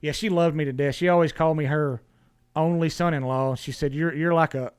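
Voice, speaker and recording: A man, a podcast guest, recounting his past in a raised, fairly high voice. His talk is blunt and full of swearing, and he often stumbles and restarts his words. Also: steady tone, fairly quick, smooth. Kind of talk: casual storytelling.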